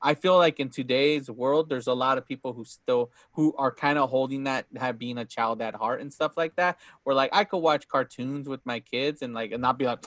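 A man hosting a podcast, chatting casually about a movie in an animated, rambling way with many restarts. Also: medium pitch, moderate pace, few pauses, no room sound, studio quality. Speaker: podcast host.

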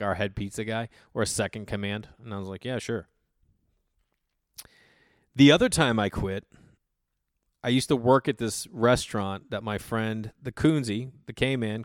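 A man's voice: fairly low pitch, clean tone, no echo, studio quality. A man hosting his own podcast, telling work stories in a rambling, casual way with swearing and lots of fillers. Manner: rambling, profane, frequent fillers and restarts. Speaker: podcast host. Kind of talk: casual solo storytelling.

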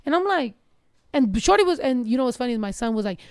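A woman's voice: on the high side, sing-song, fast, smooth, dry recording, clean studio sound. A woman in her thirties co-hosting a podcast, telling stories in a blunt, profane, casual way. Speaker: podcast co-host.

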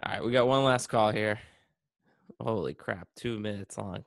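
A man co-hosting a sports podcast in a relaxed, joking way. His voice sits fairly low and sounds close and dry, with almost no room around it. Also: moderate pace, creaky, no room sound. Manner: joking, plays a caller's prompt in his own voice. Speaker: podcast co-host. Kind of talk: casual podcast chat.

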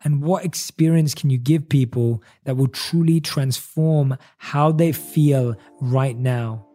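A man's voice: mid-range voice, dark tone, soft background music. Earnest man giving a motivational talk. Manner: earnest, repetitive rhetorical questions, speeds up and slows for emphasis. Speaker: motivational speaker.

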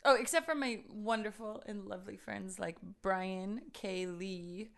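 Woman cohost for a chatty podcast, rambling storyteller, average pitch. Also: measured pace, gravelly, a bit bright. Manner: rambling, full of "like" and quoted voices. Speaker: podcast co-host. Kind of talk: casual storytelling chat.

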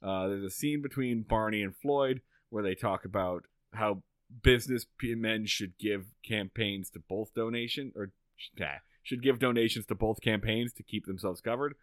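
A man co-hosting a podcast in casual comedic chat, animated and prone to loud excited outbursts. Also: fairly low pitch, moderate pace, no room sound. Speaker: podcast co-host.

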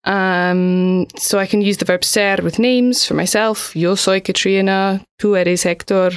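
A woman co-hosting a language-learning podcast, voice in an even middle register, recorded dry and close with no room sound. She asks curious questions and carefully sounds out new phrases after her teacher. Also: mid-range voice, clean tone, no room sound. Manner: curious, repeats Spanish phrases slowly. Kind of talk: scripted language lesson chat.

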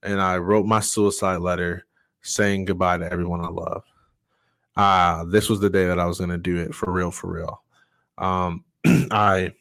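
Low-voiced man telling a candid story. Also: fairly bright tone, dry recording. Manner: earnest and candid, halting with frequent fillers. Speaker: podcast guest. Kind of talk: personal story in conversation.

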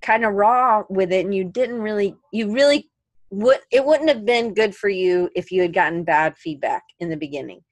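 A woman co-hosting a relaxed podcast, talking in a loose, rambling way and often doubling back to fix what she said. Her voice is mid-pitched and recorded dry and close, with no room sound around it. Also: moderate pace, dry recording. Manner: rambling, self-correcting, chatty. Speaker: podcast co-host. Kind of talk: casual chat.

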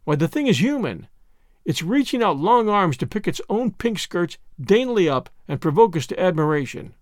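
A man's voice: sits high, big pitch swings, normal speed, no echo, studio quality. A man voicing a dreamy, imaginative young girl who talks in rapturous, poetic phrases in a storybook reading. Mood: admiring.

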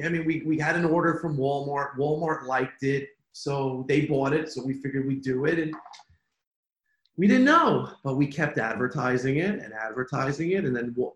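A man in an interview who tells business stories in an animated way, repeating himself and laughing easily. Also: mid-range voice. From United States. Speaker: toy company executive. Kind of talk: conversational interview. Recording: echoey room.

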